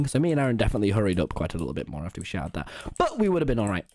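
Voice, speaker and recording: A teenage boy telling an animated, rambling story to an audience, swearing freely and restarting his sentences. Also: lowish voice, very fast, over music. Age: teens. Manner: excitable, rambling, swears a lot, frequent restarts. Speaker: streamer.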